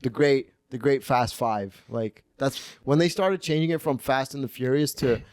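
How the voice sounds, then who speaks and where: A man's voice: mid-range voice, normal speed, a little mellow, no room sound. A man in his twenties hosting a casual comedy podcast, telling crude, profane stories in a rambling way. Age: 20s. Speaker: podcast host.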